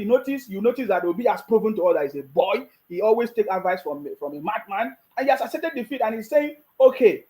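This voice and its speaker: High-voiced Nigerian man ranting. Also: mellow, rough recording. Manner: mocking, scolding, repetitive restarts. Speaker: political commentator. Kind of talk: ranting video commentary.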